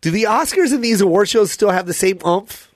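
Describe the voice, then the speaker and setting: A man's voice: high-pitched, fairly quick, no echo. A man hosting a podcast in a studio, telling a story with lots of laughter and swearing. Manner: animated storyteller, swears freely, laughs often. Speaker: podcast host. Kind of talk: casual studio chat.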